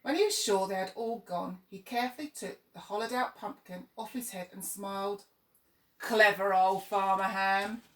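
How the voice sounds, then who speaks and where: A woman's voice: medium pitch, fairly quick, hardly any pauses, recorded from a distance. Woman reading a story in an echoey room. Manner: expressive, lively reading. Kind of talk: reading a children's story aloud.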